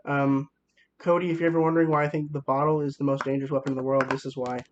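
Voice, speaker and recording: A man's voice: mid-range voice, level tone, racing, lo-fi sound, a little hiss or hum. A young man giving a casual movie review, enthusiastic and rambling, with many fillers and restarts.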